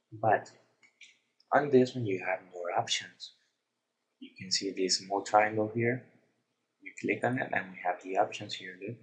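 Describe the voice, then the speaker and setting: A man narrating a screen-recorded software tutorial, explaining each step in a plain, unhurried way. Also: on the low side, poor audio.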